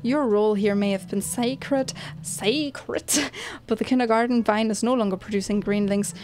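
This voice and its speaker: A woman voicing a gentle, caring plant-folk mentor in a video game, reading in a soft, measured, reassuring way. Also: mid-range voice, close to an everyday voice.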